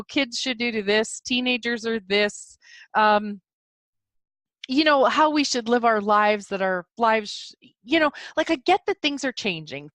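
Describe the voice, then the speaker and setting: Middle-aged woman, solo podcast host, chatty and rambling, highish voice, dry close mic. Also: a bit bright, dry recording. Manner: chatty, enthusiastic, rambling with many fillers. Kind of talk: solo casual podcast monologue.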